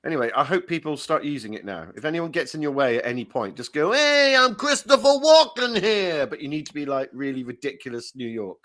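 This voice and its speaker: A man's voice: medium pitch, fast, few pauses, fairly bright tone. A man hosting a comedy show, chatting casually, giggling often and slipping into silly put-on voices.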